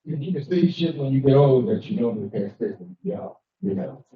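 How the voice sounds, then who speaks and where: A man's voice: mid-range voice, expressive, a little fast, slight background noise. An older man doing a brash, profane stand-up comedy set in a cigar lounge, acting out the people in his stories. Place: cigar lounge, live show. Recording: echoey, dull room sound from a distance.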